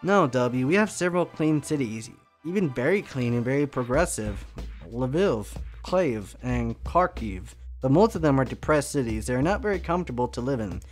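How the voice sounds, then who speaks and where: A man's voice: medium pitch, lively intonation, moderate pace, faint music behind, close to an everyday voice. A man voicing an earnest young male resistance leader who speaks solemnly. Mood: explaining.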